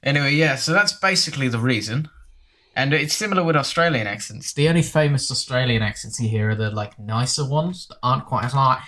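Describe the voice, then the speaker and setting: A man's voice: medium pitch, lively intonation, brisk, pushed and bright. A young man, explaining things at length in a rambling, casual group chat. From Britain. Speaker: podcast co-host.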